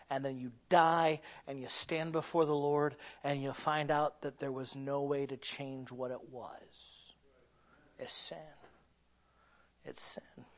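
A male pastor delivering a sermon, dropping to hushed low lines and building to loud peaks, acting out quoted voices as he tells stories. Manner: acts out quoted voices in storytelling. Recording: dull lo-fi recording.

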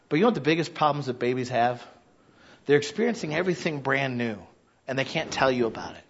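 A man in his thirties preaching a conversational sermon, animated and acting out little quoted voices. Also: mid-range voice, dull audio.

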